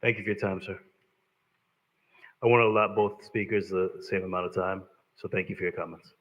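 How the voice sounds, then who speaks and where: A man's voice: deep voice, steady tone, fairly quick. A man chairing a council meeting, keeping his remarks brief and procedural. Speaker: board chair. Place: city council chamber. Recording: muffled distant audio in a reverberant chamber.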